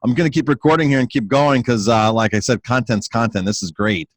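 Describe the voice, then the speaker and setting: A man's voice: medium pitch, brisk, no echo. A man hosting an interview podcast, talking casually and enthusiastically, often repeating his words. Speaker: podcast host and restaurant owner.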